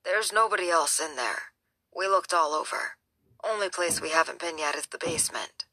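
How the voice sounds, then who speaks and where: Weary sheriff, gruff and matter-of-fact, read by a woman, low voice, dry sound. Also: normal speed, pushed and bright, no echo. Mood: grim. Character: weary middle-aged male sheriff, blunt.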